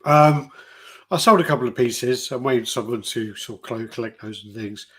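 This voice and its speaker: A man's voice: medium pitch, breathy edge. Rambling man telling stories. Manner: rambling, profane storytelling with quick asides. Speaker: podcast host. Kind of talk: casual chat.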